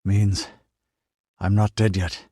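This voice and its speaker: A man voicing a wounded young leader, weak from injury but steady and resolute. He speaks quietly in a low, dry voice. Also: slow pace, dry recording. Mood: weary, firm. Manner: quiet, weary, firm.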